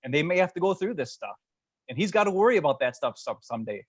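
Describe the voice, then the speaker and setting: A man's voice: fairly high pitch, very animated, no room sound. A man co-hosting a casual podcast chat, passionate and easily fired up. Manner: fired-up, passionate, talks fast. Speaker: podcast co-host.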